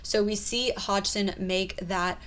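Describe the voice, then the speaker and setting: A woman explaining body language in a video commentary, calm and explanatory. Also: medium pitch, slow.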